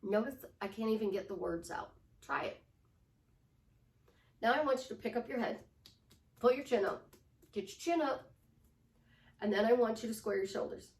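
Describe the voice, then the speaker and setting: A woman's voice: fairly high pitch, a little mellow. Emphatic woman life coach, roomy distant sound. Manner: emphatic, repetitive, drops to a whisper for demonstrations. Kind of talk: motivational coaching talk.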